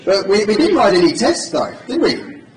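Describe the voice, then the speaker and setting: A conference speaker gives a loose, joking live coding demo to an audience in a large hall, his high voice leaping through huge pitch swings at a moderate pace. The recording is echoey and distant, with slight background noise.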